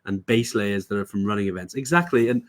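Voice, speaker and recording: A man's voice: lowish voice, fast talker. A man hosting a casual live stream, chatty and full of fillers, reading viewer comments aloud. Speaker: live show host.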